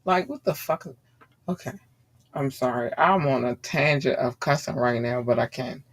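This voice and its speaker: A woman's voice: rumbling low, normal speed. Blunt, cursing woman podcast host. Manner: blunt, heated, cursing freely. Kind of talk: profane ranting commentary.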